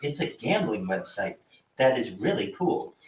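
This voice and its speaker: A man's voice: mid-range voice, big pitch swings, a little slow, far from the mic. A man hosting a livestream, talking in a loose, profane, rambling way with lots of fillers. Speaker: livestream host. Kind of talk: casual rambling chat. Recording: echoey room, from off-mic, faint background noise.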